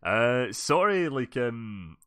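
A man's voice: mid-range voice, very animated, slow, fairly bright tone, clear, resonant tone, no room sound, clean studio sound. A young Scottish man hosting a casual podcast, rambling, swearing and correcting himself as he goes. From Scotland. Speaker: podcast host. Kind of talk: casual chat.

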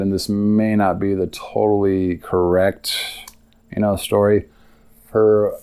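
A man hosting a podcast tells a long personal story, rambling and confessional, with many fillers in his casual monologue. His voice is on the low side, a little mellow and smooth.

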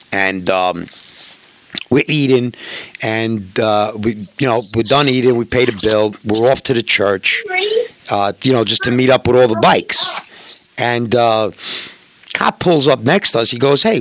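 A man's voice: medium pitch, a bit bright, slight background noise. A middle-aged man, telling profane road stories in casual podcast chat and acting out the dialogue. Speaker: podcast guest.

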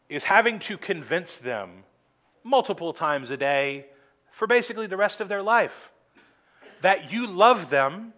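Earnest preaching man, slightly high voice. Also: fairly bright tone. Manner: earnest preaching with slowed emphasis and dry humor. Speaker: pastor. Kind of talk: sermon. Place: church sanctuary at a pulpit.

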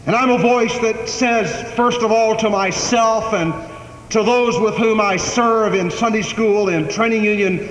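Guy preaching in a big echoey church hall, kinda high voice, gets loud then real quiet, faint hiss behind. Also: unhurried. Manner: emphatic preaching with swells and drops in volume. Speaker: pastor. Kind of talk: sermon. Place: church sanctuary.

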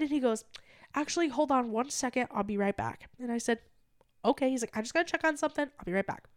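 A woman's voice: sits high, quick pace, dry recording, studio quality. A young adult woman on a comedy podcast, telling a story in casual chat, acting out the quotes and swearing freely. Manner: animated, acts out quoted dialogue, swears casually. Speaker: podcast co-host.

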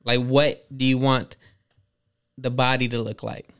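A man's voice: mid-range voice, little pitch movement, unhurried, a bit bright, smooth. A man hosting a podcast, chatting loosely and joking with plenty of swearing. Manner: loose, profane, joking banter. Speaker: podcast host. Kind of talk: casual podcast chat.

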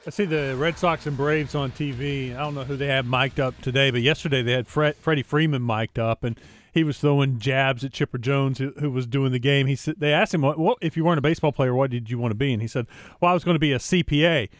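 A man co-hosting a sports radio show, telling a story in an animated, chatty way. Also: mid-range voice, fast, no echo, clean studio sound. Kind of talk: casual sports radio chat.

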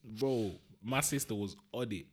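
A man's voice: fairly low pitch, measured pace, slightly rough. A man, co-hosting a podcast in casual chat and telling stories with lots of slang. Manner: animated, slangy storytelling. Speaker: podcast co-host.

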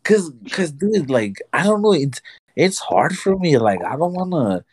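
A man's voice: on the high side, unhurried, slightly rough, no echo. A man co-hosting a casual chat show, telling stories and acting out conversations with frequent laughs. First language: Spanish. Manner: animated storyteller, acts out dialogue, laughs often. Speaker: podcast co-host.

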